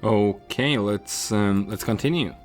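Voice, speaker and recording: A man playing a text adventure game, reading the story out and musing over his choices with hesitant pauses. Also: on the low side, soft background music. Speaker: player narrating a text adventure. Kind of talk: reading and thinking aloud.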